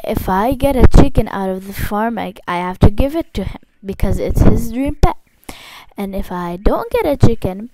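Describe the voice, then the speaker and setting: Gushing, excitable woman on a noisy mic. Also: on the high side. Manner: gushing, excitable, squeals often. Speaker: gaming channel host. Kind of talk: excited gameplay commentary. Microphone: faulty mic. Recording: noisy faulty home mic.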